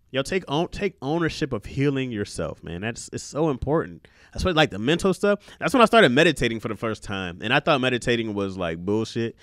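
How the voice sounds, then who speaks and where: A man's voice: mid-range voice, a bit bright, clean tone, dry recording, studio quality. Casual, profane podcast host in his thirties. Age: 30s. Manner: loose and profane, laughs often.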